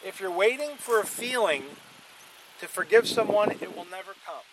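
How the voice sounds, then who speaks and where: A man's voice: high-pitched, normal speed, noisy background. A man preaching a sermon, emphatic, repeating lines for stress and calling on the congregation to say them with him. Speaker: pastor.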